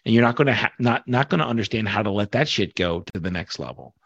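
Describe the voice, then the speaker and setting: A man's voice: fairly low pitch, expressive, quick pace, vocal fry, a bit bright, slightly rough, no room sound, dull audio. A man in his forties, a podcast guest, talking passionately and a bit preachy about self-worth. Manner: passionate, preachy, casual swearing. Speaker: guest, workshop leader. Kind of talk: motivational podcast conversation.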